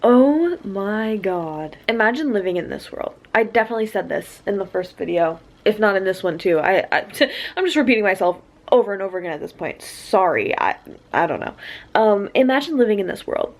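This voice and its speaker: A woman's voice: mid-range voice, expressive, a little fast. A young woman vlogging about a book she is reading, gushing and flustered, talking straight into her camera and filling her sentences with "like". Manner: gushing and flustered, heavy use of "like". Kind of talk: excited casual book chat. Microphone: camera mic.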